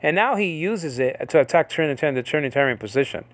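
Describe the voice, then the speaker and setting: Fast and lively in intonation, this man's voice is on the high side with no room sound. He teaches an informal Bible study, rambling, heavy on fillers, and constantly asking his audience "okay?"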